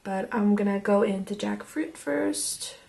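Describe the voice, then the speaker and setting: A young woman casually reviewing makeup as she swatches it, chatty and excitable and half losing her voice. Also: mid-range voice, a little slow, vocal fry. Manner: chatty and excitable, drops to whispers. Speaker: beauty vlogger.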